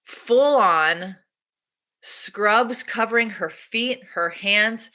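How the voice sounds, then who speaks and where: A woman doula talking casually in an interview, animated and laughing often as she acts out her own remarks. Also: mid-range voice, very slow. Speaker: doula and activist.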